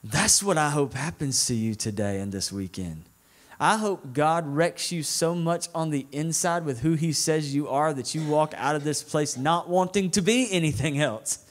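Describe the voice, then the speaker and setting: A man's voice: fairly high pitch, animated, normal speed. A man with a Southern US accent preaching a sermon in a casual, conversational way, often checking in with "right?". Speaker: guest preacher.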